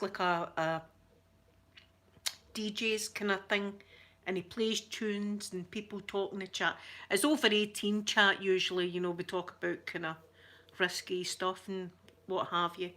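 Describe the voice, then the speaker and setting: A middle-aged woman with a Scottish accent, chatting to a livestream audience in a rambling, giggly storytelling way with soft asides. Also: medium pitch. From Scotland. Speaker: ASMR channel host.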